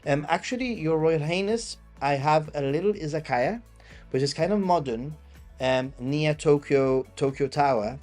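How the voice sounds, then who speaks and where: A man's voice: a little high, moderate pace, a little mellow, soft background music. A man with a Gibraltarian English accent hosting a live-stream travel Q&A, chatting casually and answering viewers off the cuff. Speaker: travel channel host.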